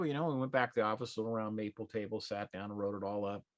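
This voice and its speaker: A man's voice: lowish voice, fairly even intonation, fast talker, few pauses, no room sound. Middle-aged guy teaching real estate, folksy storyteller, dry close sound. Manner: folksy, conversational, acts out quoted dialogue. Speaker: real estate exam prep instructor. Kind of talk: anecdotal storytelling in a live class.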